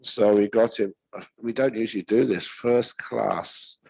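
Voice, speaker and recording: A man, a Buddhist monk teacher, giving a retreat talk with gentle, unhurried storytelling and pauses. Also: on the low side, creaky, no echo, rough recording.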